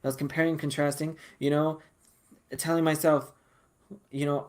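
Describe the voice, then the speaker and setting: A man's voice: a little high, normal speed, long pauses. Sassy, swearing male tarot reader. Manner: sassy, profane and animated, laughing and calling listeners honey. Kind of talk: casual collective tarot reading.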